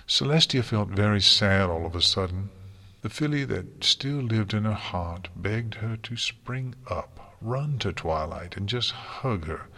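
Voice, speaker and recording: A man narrating a story aloud in a slow, even storytelling manner. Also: on the low side. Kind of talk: storybook reading.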